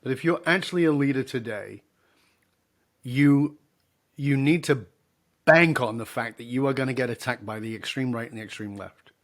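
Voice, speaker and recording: A man's voice: mid-range voice, moderate pace. A middle-aged man, a leadership speaker and podcast guest, telling stories and acting out both sides of the dialogue. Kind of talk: storytelling in a podcast interview.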